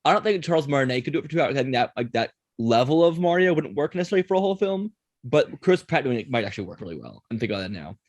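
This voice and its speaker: Host type: a quick-talking man leading a casual podcast chat, close and dry sound. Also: mid-range voice, sing-song, dry recording, dull audio. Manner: quick, chatty, runs the segments.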